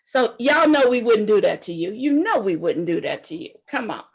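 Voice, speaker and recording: A woman hosting a casual interview, chatty and quick to react. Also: medium pitch, sing-song, slightly rough. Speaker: interview host.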